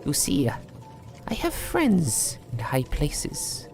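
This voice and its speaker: A man's voice: on the high side, big pitch swings, normal speed, fairly bright tone, faint music behind, pitched above the performer's own voice. A man putting on a sly older bartender. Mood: whispered. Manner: delicate, odd-sounding, ends in a whisper. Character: older bearded male bartender, sly and scheming.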